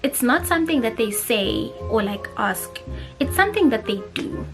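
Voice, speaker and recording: A young woman with a South African accent talks to camera in a chatty, expressive way, her pitch climbing and dipping freely as she drifts between English and isiZulu. Music plays clearly under her voice throughout. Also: normal speed. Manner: animated, expressive, switching languages mid-sentence. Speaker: vlogger. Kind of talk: casual chat mixing English and isiZulu. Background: background music.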